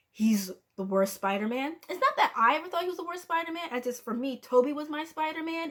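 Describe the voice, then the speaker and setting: A chatty woman with a fairly high voice gives a casual spoken film review. She acts out the characters' lines as she goes and sometimes trails off into soft, almost whispered asides.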